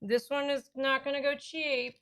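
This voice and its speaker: A woman's voice: high voice, flat delivery, unhurried, a bit bright. Chatty woman selling on a live stream. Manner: chatty, talks to her dogs and viewers. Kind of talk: casual live auction chat. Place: at home.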